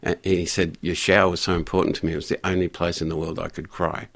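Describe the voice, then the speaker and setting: An older man speaks in a very low, gravelly voice during a radio interview. He tells his story haltingly, stopping and restarting often, and chuckling now and then. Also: level tone, a bit bright. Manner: halting, many restarts and fillers, chuckles while telling. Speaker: guest, community pastor.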